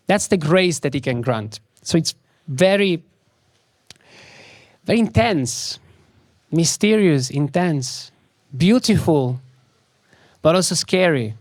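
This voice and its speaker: Man giving a slow, emphatic spiritual talk. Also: on the high side, lively intonation, no echo, studio quality. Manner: slow, emphatic, repeats key words.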